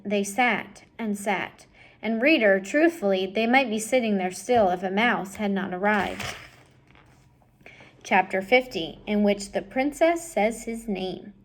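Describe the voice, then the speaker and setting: A woman reading a children's novel aloud expressively, addressing the listener directly. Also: medium pitch. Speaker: storybook reader.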